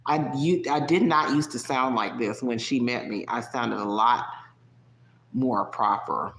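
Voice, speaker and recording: A chatty live-stream host with a soft Southern US accent talks casually with viewers at a middling pitch, normal speed and fairly even intonation. She keeps bursting into laughter, her pitch jumping upward. The room is echoey, giving the recording a roomy sound.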